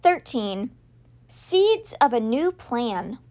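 A woman hosting a podcast, reading a children's novel aloud with expressive storytelling. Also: fairly high pitch, very slow. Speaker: podcast reader.

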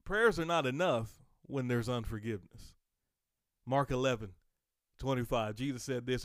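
A man's voice: mid-range voice, big pitch swings, moderate pace, no echo. Fervent preacher man, dry close sound. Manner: fervent, swells to emphatic outbursts, repeats himself. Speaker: podcast preacher. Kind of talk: sermon podcast.

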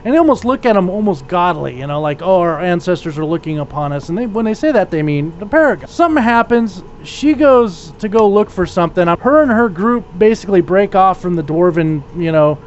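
A man's voice: sits high, expressive, brisk, few pauses. A man chatting casually as a podcast co-host, rambling, swearing, and often restarting his sentences. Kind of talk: casual chat. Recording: dull lo-fi recording, faint noise.

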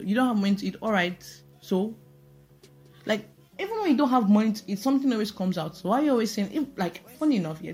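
A woman's voice: medium pitch, darkish tone, slightly rough. A woman hosting a casual solo podcast voice note, chatty and playful with self-mocking asides. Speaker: podcast host.

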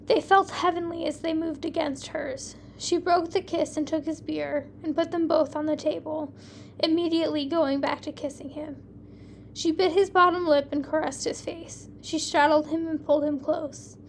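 A woman hosting a podcast, reading her fan fiction aloud in a plain, even storytelling way with small slips. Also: sits high, normal speed, vocal fry, a little hiss or hum.

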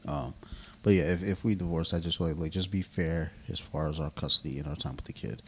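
A man's voice: extremely low pitch, steady tone, fairly quick, fairly bright tone, slight background noise. A man in his thirties co-hosting a casual podcast over beers, telling loose, profane stories and laughing often. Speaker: podcast co-host.

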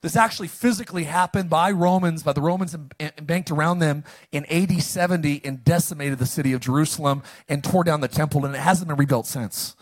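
A man preaching a sermon as pastor, reading scripture and calling the congregation to repeat after him, with sudden loud, animated bursts. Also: on the high side, fast talker, few pauses. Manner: call-and-response, animated with sudden loud lines.

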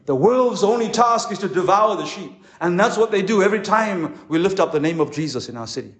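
A man preaching a conference sermon as a pastor, impassioned, with dramatic pauses. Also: high-pitched, lively intonation. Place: conference hall. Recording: echoey hall.

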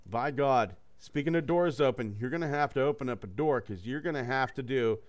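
Running a gamebook for his friends, this man reads a choose-your-own-adventure story aloud, cracking jokes and swearing casually along the way. His voice is mid-range and fairly quick.

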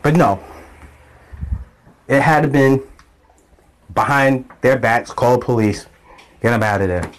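A man's voice: medium pitch, takes it slowly, long pauses. A man talking casually to camera, telling a rambling story about his town. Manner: rambling, repetitive, conversational.

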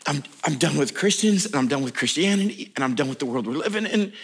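A pastor voicing a weary, disillusioned male psalmist who confides that he is done, in a lowered, resigned voice. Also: quick pace, husky. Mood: fed up. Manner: flat, fed-up, resigned.

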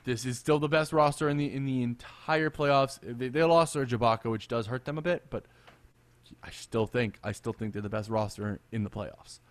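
A man co-hosting a casual sports podcast, animated and quick to laugh, often repeating himself. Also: mid-range voice, dry recording. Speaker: podcast co-host.

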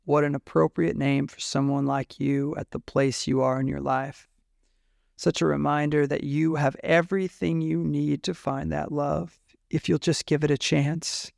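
A man voicing a warm, kindly Australian man who speaks in a tender, reassuring way. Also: fairly high pitch, little pitch movement, a little slow, vocal fry, dry recording, clean studio sound.

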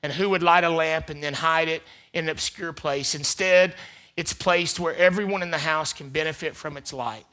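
A man preaching a sermon as pastor, repeating phrases for emphasis and swinging between loud emphatic peaks and quiet asides. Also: fairly high pitch, normal speed. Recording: live church service.

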